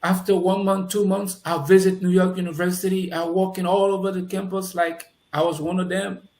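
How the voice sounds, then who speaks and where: A man's voice: high-pitched, normal speed. A man with a Liberian accent, a guest telling his life story in conversation and acting out the dialogue he recalls. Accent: Liberian English. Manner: animated, acts out quoted dialogue. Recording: roomy echoey room.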